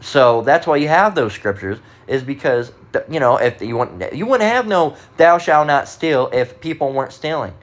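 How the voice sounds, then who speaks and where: Male street-style Bible teacher, blunt and profane, reads verses slowly and pointedly. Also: mid-range voice, big pitch swings. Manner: emphatic, profane, keeps asking "all right?"; reads scripture slowly, stressing words. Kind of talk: casual bible lesson.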